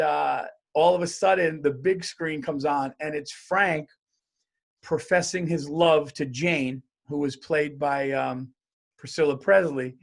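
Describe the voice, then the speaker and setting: A male comedian talks alone into his podcast mic, swearing freely and rambling from one rant to the next. His voice sits a little high for a man, and he keeps the tone loose and conversational. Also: creaky. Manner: profane, rambling, animated rants. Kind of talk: solo comedic monologue.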